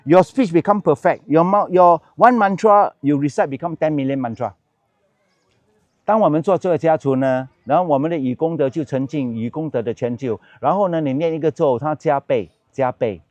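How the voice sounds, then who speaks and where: A man, a Buddhist monk, teaching a dharma class, switching between English and Mandarin and slowly chanting mantra syllables. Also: a little high, a little mellow, no room sound.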